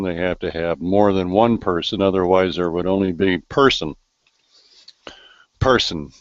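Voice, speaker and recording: A man's voice: deep voice, no echo. A man talking sarcastically in a live voice chat room, with wry jokes. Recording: dry, dull lo-fi voice chat audio.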